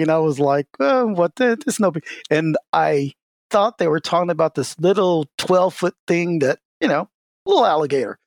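A man speaking as an expert guest in a casual interview, telling stories in an animated way with many "you know" fillers. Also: dry recording, studio quality. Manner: lively, swings in pitch. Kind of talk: casual explanatory interview talk.

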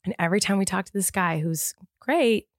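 A woman co-hosting a casual chat, telling stories in a chatty, animated way. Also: mid-range voice, brisk, dry recording, studio quality. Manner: chatty, animated storytelling with many "like"s. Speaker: podcast co-host.

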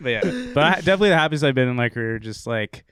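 A man's voice: medium pitch, lively intonation, very fast, a crowd in the background. A man in his early thirties, co-hosting a podcast, rambling casually and swearing. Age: 30s. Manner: rambling, swearing, self-mocking. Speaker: podcast co-host. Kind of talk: casual chat.

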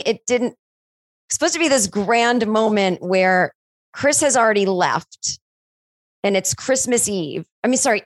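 A woman screenwriter in casual podcast chat, telling stories animatedly and acting out bits of dialogue with sudden jumps in pitch. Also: no echo. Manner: animated storyteller who acts out dialogue with big pitch jumps. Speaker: screenwriter discussing her film.

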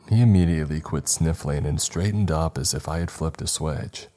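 Super deep dark-voiced guy reading a scary story, steady and measured, faint music behind. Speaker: narrator. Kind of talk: scripted horror story narration.

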